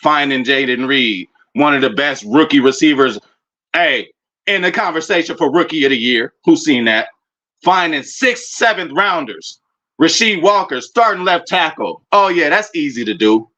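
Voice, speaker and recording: A man rants loosely and profanely about his team, his voice bright and pushing forward. He rambles, restarts and swears as he gloats. The sound is a bit muffled and lo-fi. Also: on the high side, moderate pace. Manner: animated, profane, rambling fan banter. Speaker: sports fan commentator. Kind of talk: casual fan rant.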